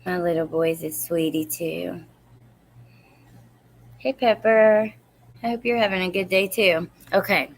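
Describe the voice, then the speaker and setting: A woman's voice: on the low side, unhurried, pauses often. Chatty woman hosting a livestream. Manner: chatty, rambling, greets viewers by name. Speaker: true crime livestream host. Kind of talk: casual livestream chat, reading comments.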